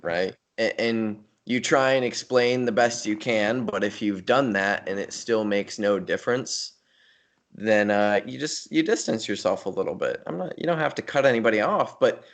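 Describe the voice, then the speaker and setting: A man co-hosting a podcast, talking casually about bodybuilding and coaching with a relaxed, rambling manner and frequent restarts. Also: fairly low pitch, moderate pace. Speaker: podcast co-host. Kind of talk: casual chat.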